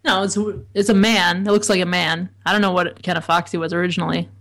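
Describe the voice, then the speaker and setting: A woman's voice: lowish voice, level tone, quick pace, fairly bright tone. A woman calling in as a podcast guest, chatting casually with dry, self-mocking humor. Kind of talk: casual comedic chat. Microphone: remote call-in.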